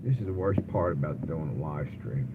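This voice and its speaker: A man from Delaware chatting casually with viewers during a live stream from his parked car, low-key and tired. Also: lively intonation, a little fast. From Delaware, USA. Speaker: livestream host. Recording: phone-like audio with clear road and car noise.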